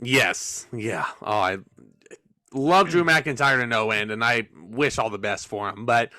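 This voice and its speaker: A man's voice: mid-range voice, measured pace, bright, forceful tone, no echo. A man hosting a podcast, reviewing a wrestling show in a casual, chatty, joking and sometimes sarcastic way. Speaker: podcast host.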